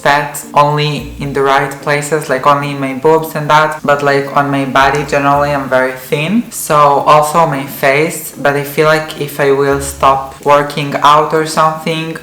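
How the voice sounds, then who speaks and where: A woman's voice: low-pitched, a bit bright, a little hiss or hum. A young adult woman talking casually and earnestly to camera, with many "like" fillers. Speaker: vlogger. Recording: roomy echoey room.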